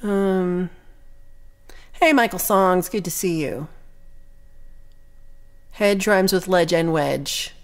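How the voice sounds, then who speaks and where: A woman's voice: on the low side, takes it slowly, long pauses. A young woman chatting casually with her livestream viewers, reading their comments aloud in a rambling, playful way with lots of ums and little laughs.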